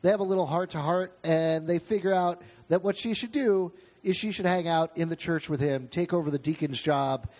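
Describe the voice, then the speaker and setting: Male podcast host, slightly high voice, rambling comic reviewer. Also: brisk, hardly any pauses, darkish tone. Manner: opinionated, jokey, rambling. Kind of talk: casual chat reviewing comics.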